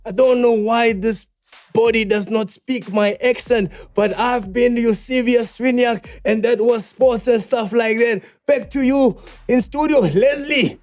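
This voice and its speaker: Man doing a high-voiced cocky sports reporter. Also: a little slow, darkish tone. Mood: hyped. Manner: punchy mock-broadcaster delivery. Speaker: comedy podcast host. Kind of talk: spoof sports news bulletin.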